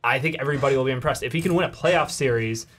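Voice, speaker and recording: A man's voice: mid-range voice, racing, a bit bright, slightly rough. A man co-hosting a sports podcast, pushing back on the others' takes in casual debate. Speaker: podcast co-host.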